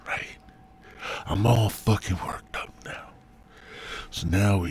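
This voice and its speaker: Deep-voiced man ranting with constant profanity. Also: fairly even intonation, slow, gravelly, pauses often, slight background noise. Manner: drops to a hushed whisper for meditation. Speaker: podcast host. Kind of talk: profane rant and guided meditation.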